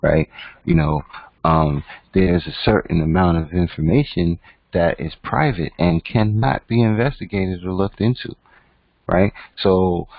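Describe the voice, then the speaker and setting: A man with a low voice teaches an online class in a conversational lecture style, repeatedly checking in with "right?" The lo-fi audio sounds dull and dry, with no room sound.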